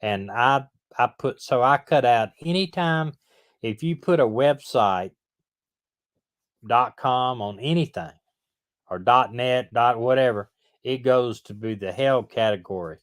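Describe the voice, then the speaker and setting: A man's voice: mid-range voice, a little slow. A man hosting a casual livestream chat, blunt and often restarting his sentences. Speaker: livestream host, retired detective.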